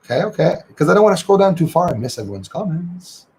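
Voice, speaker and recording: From his home in Canada near the Michigan border, a man hosts a casual livestream, chatting loosely, reading viewer comments, and greeting viewers, sometimes in French. His voice is a little high and mellow, with big pitch swings, and he talks fast.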